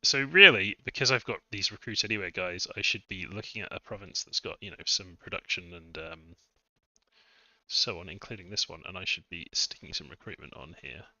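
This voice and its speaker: A low-pitched man with a very bright, forward tone talks through a game session in a loose, chatty way, muttering asides and poking fun at himself. The sound is dry and close, a little dull and lo-fi, like a basic desk mic. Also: dry recording. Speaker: game modder streaming a test session. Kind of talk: casual live-stream commentary.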